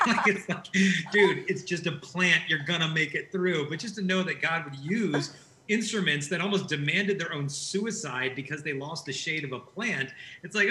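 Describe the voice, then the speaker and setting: A man with a bright, forceful voice that sits fairly high. He tells stories with animation and acts out the lines he quotes. The sound is roomy and echoing. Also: moderate pace, a little hiss or hum. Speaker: guest. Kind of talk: conversational faith discussion.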